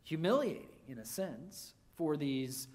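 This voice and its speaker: Pastor preaching, goes big then drops real quiet, keeps restarting for emphasis. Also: a little slow. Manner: expressive preaching that swings between loud emphasis and hushed low lines. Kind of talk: sermon.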